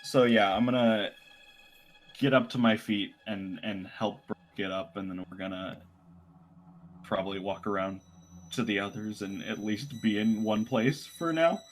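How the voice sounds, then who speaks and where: A man playing in a tabletop role-playing game, describing his character's actions in a relaxed, halting way. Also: on the low side, slight background noise, poor audio. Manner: relaxed, halting, full of fillers and laughs. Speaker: player. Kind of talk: tabletop role-play narration.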